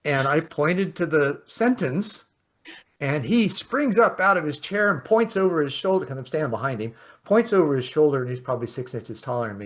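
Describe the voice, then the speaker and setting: A man hosting a podcast, telling stories in a casual, animated way and laughing often. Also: fairly high pitch, fairly quick. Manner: animated storyteller, acts out quotes, laughs often. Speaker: podcast host. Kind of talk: casual conversation, storytelling.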